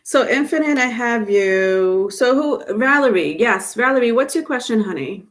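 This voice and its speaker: A woman's voice: a little high, animated, moderate pace. A woman hosting a live tarot reading, chatty and repetitive, often laughing while greeting viewers. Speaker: tarot reader. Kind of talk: live-stream reading and chat.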